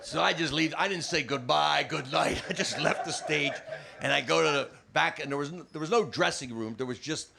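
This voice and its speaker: Older man from new jersey, stand-up storyteller, gravelly, a bit high, animated, laughs often. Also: brisk, a little hiss or hum. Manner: animated, laughing while telling, shouting out quotes. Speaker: stand-up comedian.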